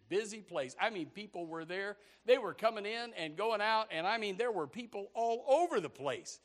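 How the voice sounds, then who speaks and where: A male preacher telling a sermon as a story, animated and prone to repeating words as he gets going. His voice is high and swoops widely. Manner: animated, repeats words when starting sentences.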